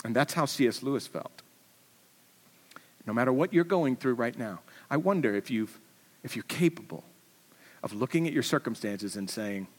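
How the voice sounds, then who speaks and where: A male pastor giving an Easter sermon, telling a story animatedly and swinging from loud, high passages to hushed ones. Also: animated, normal speed, long pauses, big-room sound. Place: church auditorium.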